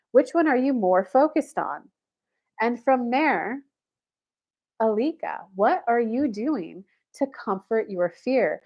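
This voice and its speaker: A woman's voice: on the high side, slow, dull audio. A woman who coaches and gives spiritual readings, telling a story on a livestream about herself in the third person and acting out the people in it. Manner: animated storytelling, talks about herself in third person, acts out quoted voices.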